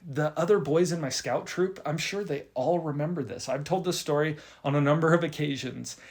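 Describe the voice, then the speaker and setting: A young man hosting a video on writing, telling an embarrassing story in an animated, self-deprecating way with frequent restarts. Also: a little high. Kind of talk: casual storytelling to camera.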